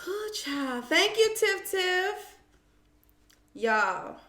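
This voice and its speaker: A woman's voice: very high voice, big pitch swings, drawn-out words, pushed and bright, roomy sound. A woman hosting a casual live stream from home, chatting with viewers, greeting them by name and calling them child and boo.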